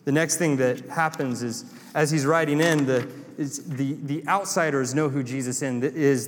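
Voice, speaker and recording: Southern male pastor, impassioned sermon, slightly high voice, long hall reverb. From North Carolina. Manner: impassioned, builds to emphatic repeated lines.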